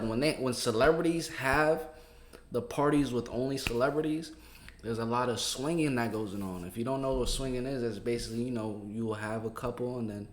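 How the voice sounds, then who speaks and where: A man's voice: mid-range voice, a little hiss or hum. A man hosting a casual reaction commentary, talking in slangy, joking, laid-back phrases. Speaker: commentary host.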